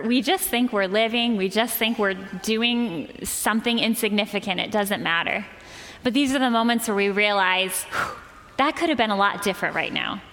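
A woman pastor preaches in a relaxed, conversational way, slipping into quoted voices as she tells the story. Her voice sits at a middling pitch. It carries a long reverb from the large church room around her. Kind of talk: sermon. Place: church sanctuary.

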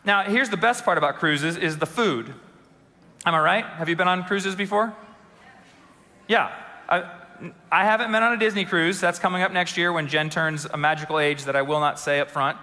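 A man preaching in a church sanctuary, his high, bright voice ringing out with a long reverb behind it. He tells funny stories and keeps turning to the congregation with questions. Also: moderate pace. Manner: storytelling with humor and audience questions. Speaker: pastor. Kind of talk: sermon.

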